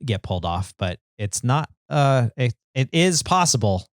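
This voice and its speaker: A man's voice: mid-range voice, big pitch swings, unhurried, dry recording, studio quality. A man co-hosting a podcast, talking in an easygoing, rambling way with lots of fillers. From Northern California. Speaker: podcast co-host. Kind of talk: casual chat.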